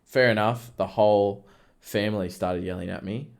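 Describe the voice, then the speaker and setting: A podcast co-host with a lowish, gravelly yet clean voice chats casually at a moderate pace and steady tone. He tells work stories bluntly, swearing freely.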